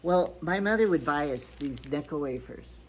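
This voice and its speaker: A woman's voice: deep voice, lively intonation, normal speed, darkish tone, a little hiss or hum, low-quality recording. An older grandmother chatting casually through a shopping haul, rambling from item to item with stories and asides. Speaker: vlogger.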